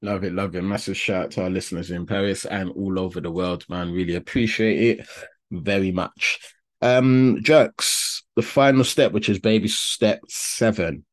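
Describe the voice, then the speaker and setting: A man's voice: sits low, fairly even intonation, moderate pace. A man co-hosting a casual podcast, upbeat and encouraging, often hyping things up. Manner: upbeat, hyping, short affirmations. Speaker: podcast co-host.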